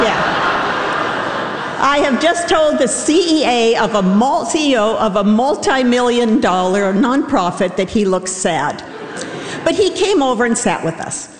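A woman's voice: a little high, expressive, unhurried. A middle-aged woman telling a self-deprecating, wry personal story live on a theater stage. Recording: roomy hall reverb.

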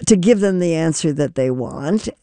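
An older woman speaking as a nutrition expert guest on a radio call-in show, talking in a measured way and stressing her key points. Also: low-pitched, lively intonation, warm tone, dry recording.

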